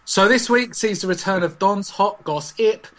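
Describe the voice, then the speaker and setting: A man's voice: high voice, normal speed, a bit bright. A man hosting a casual gaming podcast, teasing his co-host and joking around with frequent laughter. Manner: teasing, jokey, laughs often.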